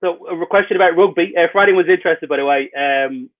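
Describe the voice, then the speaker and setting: A man answers interview questions in a loose, rambling way, full of wry and self-mocking asides. His voice sits a little high. The sound is thin and tinny, as if it came through a phone line on a video call. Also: fast talker. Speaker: author being interviewed.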